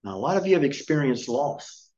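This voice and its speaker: A middle-aged male pastor delivers a sermon at an ordinary pitch, emphatic and scolding. He drives his points home with pointed rhetorical questions. The recording is a little dull and muffled. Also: very animated, a little fast, darkish tone. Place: church.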